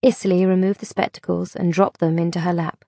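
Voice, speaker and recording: A woman reading a novel aloud as an audiobook narrator, in a steady, measured way. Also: fairly low pitch, creaky, no echo, studio quality.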